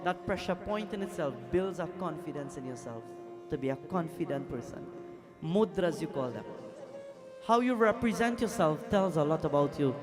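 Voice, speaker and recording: A man's voice: on the high side, expressive, normal speed, over music. A man preaching a Hindu temple sermon as pundit, telling stories and acting out the voices in them. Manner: storytelling, acts out quoted voices, breaks into devotional song. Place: temple hall during a festival night.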